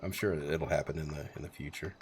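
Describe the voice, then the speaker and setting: A man's voice: a bass voice, fairly even intonation, fast talker, a little hiss or hum. A man in his forties telling a rambling, profane story on a live stream, chuckling as he goes. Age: 40s.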